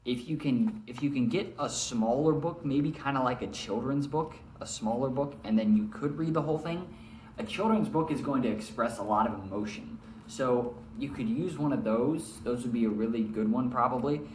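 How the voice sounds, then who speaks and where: A man's voice: medium pitch, normal speed, a little mellow, slight background noise. A male teacher giving a recorded reading lesson, explaining and demonstrating how to read aloud. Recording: echoey room.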